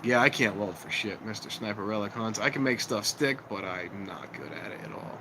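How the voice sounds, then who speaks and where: A man rambles in a loose, casual chat with his viewers, easily drifting from one thought to the next. He is outside near a train station. Clear street noise runs behind his voice. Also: on the low side, brisk. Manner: rambling, talks to viewers while walking about. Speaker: vlogger. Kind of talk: casual live-stream chat.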